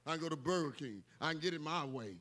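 A man preaching a sermon with folksy asides, building to emphatic, repeated shouted lines. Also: fairly high pitch, lively intonation, fast talker. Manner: emphatic, repetitive call-outs, bursts of shouting.

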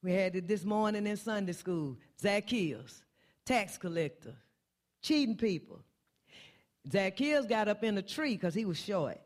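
A woman's voice: expressive, measured pace. A woman preaching a heartfelt sermon in a church. She builds through repeated refrains, and her voice leaps upward on the lines she wants to land. Her delivery is earnest and plainspoken. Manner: impassioned, repetitive refrains, pitch climbing on key phrases. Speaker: church speaker.

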